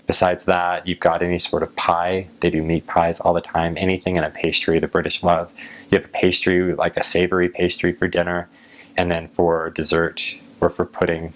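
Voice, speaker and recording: An American man chatting casually to camera as a vlogger, unhurried and musing, with frequent ums. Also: low-pitched, low-quality recording. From United States.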